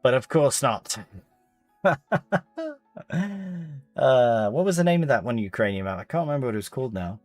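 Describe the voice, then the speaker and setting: A man's voice: mid-range voice, animated, moderate pace, pauses often, darkish tone, no echo, faint music behind. A man, live-streaming a farming game and chatting casually with viewers as he plays. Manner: chatty, reads chat aloud, British slang.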